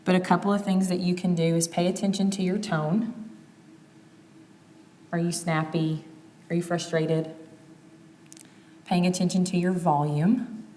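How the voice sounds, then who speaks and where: A woman's voice: fairly low pitch, big-room sound, slight background noise. A mother in her thirties giving a plainspoken, conversational talk on family communication. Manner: conversational, plainspoken, gently quotes examples.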